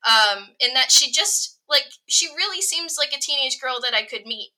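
Female guest, high, bright voice; reflective, giggly talker. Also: expressive, normal speed. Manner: thoughtful, filler-heavy, giggly. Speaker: podcast guest. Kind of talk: casual book discussion podcast.

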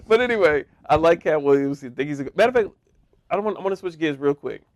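A man's voice: on the high side, animated, no room sound. A man co-hosting a podcast, chatting casually, laughing often and agreeing a lot. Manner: talkative, quick laughs, lots of agreeing. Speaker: podcast co-host. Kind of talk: casual chat.

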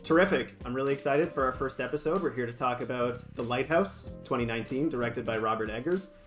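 A man's voice: mid-range voice, fast talker, a bit bright, soft background music. A man co-hosting a podcast in casual chat, earnest and playful with a slightly dramatic touch. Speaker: podcast co-host.

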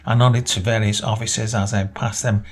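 A man reading a short story aloud as narrator, in a measured storytelling manner. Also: level tone. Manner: measured storytelling, voices dialogue with small pitch lifts.

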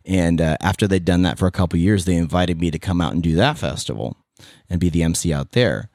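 A man's voice: deep voice, fast, no room sound, studio quality. A man in his thirties with a Californian accent, chatting as a podcast guest, rambling with fillers and restarts. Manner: rambling, many restarts and fillers, animated asides. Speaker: podcast guest, former radio host and event MC. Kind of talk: casual interview chat.

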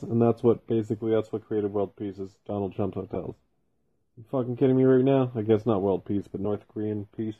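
Husky-voiced man ranting, tinny phone-like sound. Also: fairly low pitch, fairly even intonation, brisk. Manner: profane, rambling, heavy swearing. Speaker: podcast host. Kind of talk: casual solo podcast rant. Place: home basement.

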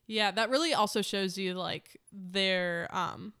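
A woman's voice: medium pitch, takes it slowly, pushed and bright, clean tone. A woman chatting casually and enthusiastically about a film with a friend, laughing often.

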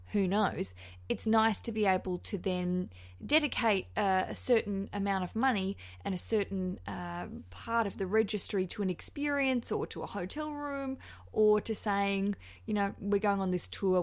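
A woman with a New Zealand accent hosting a podcast, chatty, gushing and frankly cheeky as she gives advice. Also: mid-range voice. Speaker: podcast host. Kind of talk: casual podcast chat.

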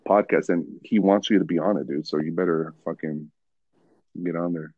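A man's voice: low voice, steady tone, moderate pace, no echo, dull audio. A man hosting a podcast in casual, laid-back chat, swearing often and calling people bro and dude. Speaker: podcast host.

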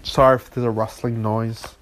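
Late at night at home, a man hosts a solo podcast on a phone recording, tired and sick with a runny nose, smoking as he talks. His mid-range, slightly bright voice stays level at a moderate pace while he rambles playfully, jokes at his own expense, and keeps singing "ooh yeah."

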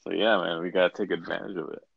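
A man's voice: sits low, little pitch movement, fast, creaky, breathy edge, dull audio. A man hosting a casual podcast chat, rambling with frequent restarts. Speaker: podcast host.

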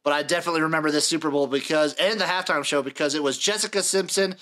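Bright-voiced young man hosting a podcast. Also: a little high, fairly even intonation, fast talker. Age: late 20s. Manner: runs the list, reads dates and acts in turn, dry jokes. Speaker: podcast host. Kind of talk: casual sports podcast chat.

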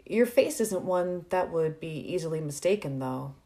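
A woman's voice: lowish voice, animated, moderate pace, warm tone. A woman doing a flustered, charming college guy. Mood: bashful. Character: flustered, charming young male college student.

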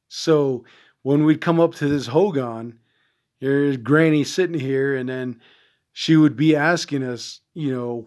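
A man from the Navajo Nation hosting a veterans podcast, telling stories in a casual, rambling way with lots of swearing and pauses to search for words. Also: on the high side, darkish tone. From Navajo Nation, American Southwest. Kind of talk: casual storytelling.

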